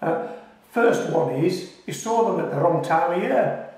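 A man from the United Kingdom hosts a gardening video in a relaxed, joking, reassuring way, now and then laughing at himself. His voice sits a little high. He sounds set back from the mic in a very echoey space. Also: a little slow. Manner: talks with his mouth full at times. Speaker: gardening channel host. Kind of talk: casual friendly how-to talk. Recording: very echoey, voice from a distance.

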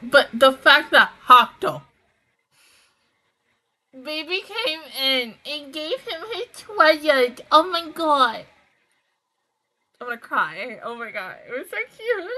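A woman's voice: sits high, bright, forceful tone. A woman hosting an anime reaction video, chatting casually, gushing and giggling, with slangy asides. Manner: gushing and giggly, breaks into laughter. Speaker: anime reaction channel host.

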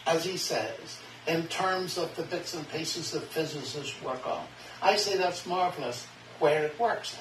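A man telling an anecdote as a guest in an interview, lively and acting out the dialogue. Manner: animated, acts out quoted dialogue with big pitch jumps. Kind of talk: storytelling in an interview. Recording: roomy, distant mic, faint background hiss.

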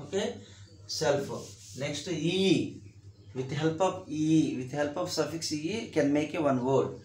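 A man's voice: a little high, takes it slowly, darkish tone, reverberant, slight background noise. A man with a Telugu accent giving a classroom grammar lesson, repeating himself and spelling words out letter by letter. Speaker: teacher.

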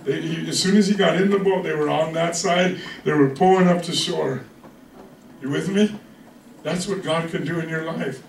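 Male pastor with a high voice, casual humorous preaching, recorded far off in an echoey church with the congregation audible. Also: normal speed, creaky, a little hiss or hum. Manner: conversational, joking, keeps asking "you with me?". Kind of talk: sermon.

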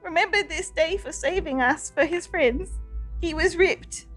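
A woman voicing a grieving young male adventurer, a simple and hot-headed man who shouts through his tears. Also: very high-pitched, a little slow, faint music behind. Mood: mournful.

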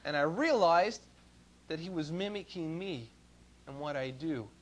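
A middle-aged Canadian man preaching in church, his voice sitting a little above the usual male range. He tells homey stories in a folksy way, pushing some words out loudly and dropping others to quiet asides. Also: lively intonation, measured pace, slight background noise. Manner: folksy storytelling, swings between loud emphasis and low asides. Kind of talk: sermon.

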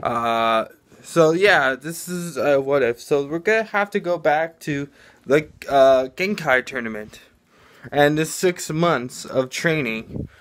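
Man, somewhat high voice, loose rambling delivery, improvised fan storytelling. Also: fairly bright tone. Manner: rambling, with many fillers and restarts.

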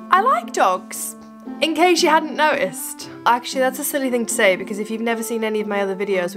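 Woman vlogger, high voice that swoops all over, playful and self-deprecating. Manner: rambling, self-mocking, playful. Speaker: vlogger and dog trainer. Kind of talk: casual chatty vlog. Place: at home with her dogs.

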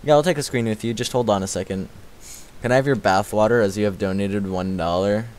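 A man streaming a game live, chatting casually with a slightly raspy voice and thanking viewers as he plays. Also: on the low side, fairly quick, a little mellow, slight background noise. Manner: chatty, thanks viewers, repeats filler words. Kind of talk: casual livestream commentary while playing.

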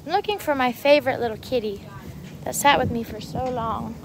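A woman with a slightly high voice talks casually into a handheld phone as she streams live outdoors. She gushes and coos sweetly and keeps up an easy running commentary. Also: fairly quick, background noise. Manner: gushing, coos sweetly at cats. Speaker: livestreaming vlogger. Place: outdoor animal sanctuary.

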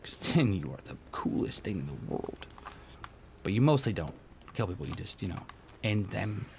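A young man giving excitable, goofy gameplay commentary, often dropping into a hushed half-whisper. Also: lowish voice, normal speed, creaky, background noise. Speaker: let's play gamer.

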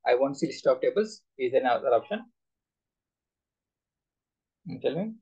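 A man teaches a live class, firing repeated questions at his students. His voice is gravelly and a little husky, with a lively, swooping pitch. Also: moderate pace, highs cut off. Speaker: SQL instructor.

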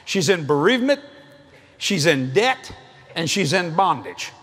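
A middle-aged man preaching a sermon at a convention, an animated, joking storyteller. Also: a little high, a little slow, slightly rough, soft background music.

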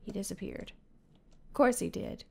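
A woman chats her way through a video game, narrating each step to herself in a casual, running commentary. Her mid-pitched voice carries a gravelly, creaky edge. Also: normal speed, warm tone. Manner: chatty, talks to herself while playing. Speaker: Minecraft player.

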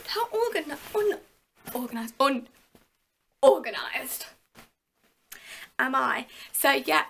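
A woman's voice: high-pitched, sharp tone. A young woman from England chatting casually to viewers as a fitness vlogger, full of fillers and asides. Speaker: fitness vlogger, personal trainer. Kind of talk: casual show-and-tell vlog.

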